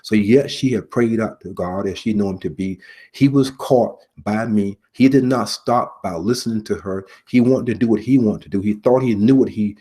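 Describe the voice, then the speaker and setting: A middle-aged man, formerly in law enforcement, delivering an earnest sermon-style message with repetition and pauses. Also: on the low side, dark tone, slightly rough. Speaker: preacher, former police officer.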